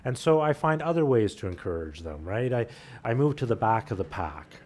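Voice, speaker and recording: Pastor telling a family story. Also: male voice, mid-range voice, big pitch swings, moderate pace, a little mellow. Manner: conversational, repeats words when restarting. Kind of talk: sermon storytelling. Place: church.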